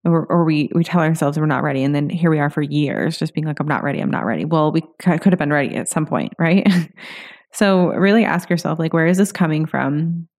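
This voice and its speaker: Woman host, solo podcast, lowish voice with vocal fry, loose and encouraging. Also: moderate pace, darkish tone. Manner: encouraging, loose, heavy on "you know" and "like".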